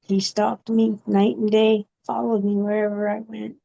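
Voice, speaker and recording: A woman giving a personal testimony in an interview, speaking haltingly with many pauses and fillers. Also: medium pitch, little pitch movement, mellow. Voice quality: gravelly. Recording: dull, muffled recording.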